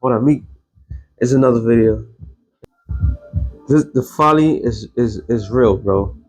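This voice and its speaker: Husky man preaching a blunt commentary. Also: mid-range voice, measured pace, darkish tone, soft background music. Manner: rambling, blunt, quotes scripture. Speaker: online video host. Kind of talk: casual religious commentary.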